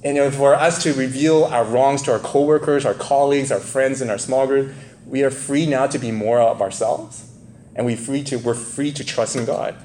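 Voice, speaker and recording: Male preacher, mid-pitched, laid-back and chatty, laughs between points; echoey church room. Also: fairly even intonation, normal speed, a little mellow, slight background noise. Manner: casual, chuckling, keeps asking "right?". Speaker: pastor. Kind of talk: conversational sermon. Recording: echoey room, faint ambience.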